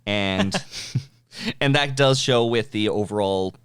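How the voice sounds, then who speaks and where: A man co-hosting a casual podcast discussion, reflective in tone and quick to chuckle. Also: mid-range voice, a bit bright, clean tone, no echo, clean studio sound. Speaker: podcast co-host.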